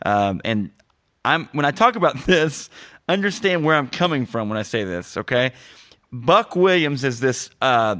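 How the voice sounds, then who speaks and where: A young man hosting a comedy movie podcast. His pitch swings widely as he jokes and cracks himself up. The sound is dry and close. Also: measured pace, dry recording. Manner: jokey, animated, laughs at his own jokes. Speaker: podcast host. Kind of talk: casual movie-review banter.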